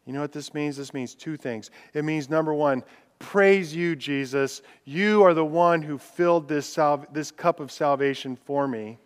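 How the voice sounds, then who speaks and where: A male pastor preaches in a church sanctuary, his smooth, resonant voice set a little high. He swings between loud declarations and hushed, drawn-out words, and he reads scripture with rising intensity. A long reverb from the large hall trails each phrase. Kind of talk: sermon.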